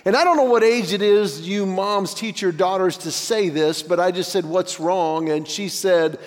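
A stand-up comedian in his forties spins family stories and jumps into character for the dialogue. His voice sits high for a man. It rings out into a big reverberant auditorium with a long decay. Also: normal speed. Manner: animated, acts out dialogue with voice shifts. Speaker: guest speaker, stand-up comedian. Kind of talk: stand-up storytelling. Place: church auditorium.

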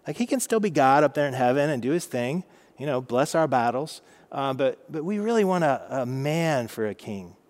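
A man's voice: medium pitch, big pitch swings, moderate pace, darkish tone, in a large hall, lightly acted. A man voicing a brash male Israelite with a Brooklyn accent, pushy and casual. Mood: pleading.

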